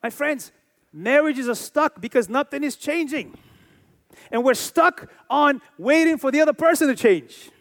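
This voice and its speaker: Man, forties, pastor delivering a sermon, very high voice, emphatic and repetitive, keeps asking the crowd questions. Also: lively intonation, unhurried, a bit bright. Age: 40s. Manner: emphatic preaching with repeated phrases and rhetorical questions.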